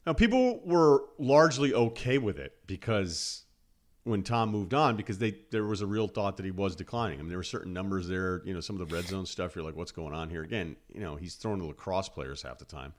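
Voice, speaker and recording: A man's voice: deep voice, expressive, a little fast. A man from New England talking football as a podcast guest, rambling through stories and acting out quoted asides. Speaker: guest analyst. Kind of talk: casual sports talk.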